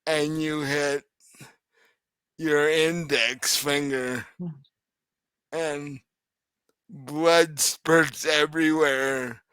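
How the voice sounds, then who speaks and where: Man, game master, tabletop game narration, often laughing, very slow pace, clear voice. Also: on the high side, fairly even intonation, sharp tone, dry recording.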